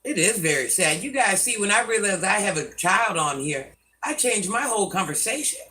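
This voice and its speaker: A woman's voice: medium pitch, expressive, moderate pace, pushed and bright, distant mic, poor audio. An older woman hosting a live stream, scolding commenters by name and chatting with viewers. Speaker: livestream host.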